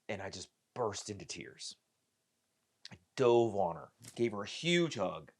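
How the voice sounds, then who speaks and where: A middle-aged man, a podcast guest, telling a personal story in a lively way and acting out the voices of the people in it. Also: mid-range voice, slow pace, long pauses. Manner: animated, acts out the voices of people in his story.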